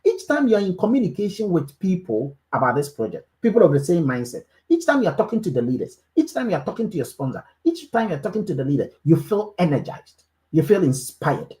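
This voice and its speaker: A woman's voice: mid-range voice, a little mellow. A woman, leading a network marketing group call with a preachy motivational speech that repeats key phrases for emphasis. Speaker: network marketing team leader.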